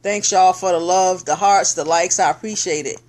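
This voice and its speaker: A middle-aged woman talking casually to viewers on a live stream, excited and encouraging, thanking people as she tells a personal story. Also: on the low side, moderate pace. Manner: excited, animated, preachy encouragement.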